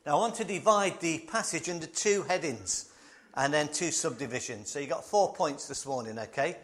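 A man's voice: fairly high pitch, lively intonation, normal speed, fairly bright tone. A man preaching a sermon, emphatic and conversational, fond of repetition and light asides.

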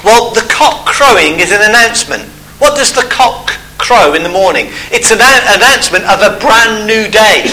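A man's voice: high voice, bright, forceful tone, poor audio. A man preaching a sermon, telling a Bible story and acting out the characters' voices.

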